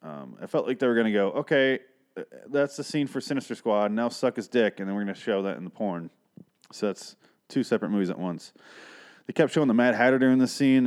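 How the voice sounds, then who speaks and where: A man in his thirties with a fairly low, darkish voice recaps a film casually. He reviews films, and here he sounds sarcastic and exasperated, swearing freely.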